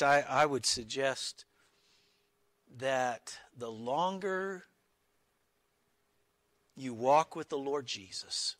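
A man's voice: medium pitch, bright, forceful tone, no echo. A man preaching an earnest expository sermon, reading Bible verses and stressing key words with small restarts. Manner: slow, deliberate with small restarts.

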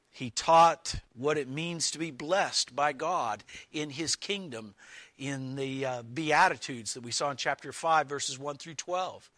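Slow, deliberate male preacher. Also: on the high side, pushed and bright, no room sound. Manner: slow, deliberate, emphatic on quotations. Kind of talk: sermon teaching.

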